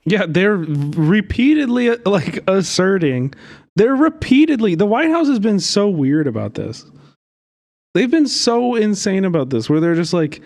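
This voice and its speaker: A man's voice: high voice, big pitch swings, measured pace, darkish tone. Angry, rambling streamer man. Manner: angry, rambling, swearing often. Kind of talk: casual live-stream commentary.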